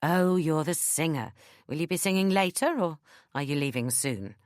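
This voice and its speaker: A smoky-voiced, pushy woman, as a narrator puts her on in an audiobook. The voice is a touch brighter than the narration, and the sound is very dry. She sounds sweet on the surface and sharp underneath. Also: low voice, lively intonation, normal speed, dry recording. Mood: sly.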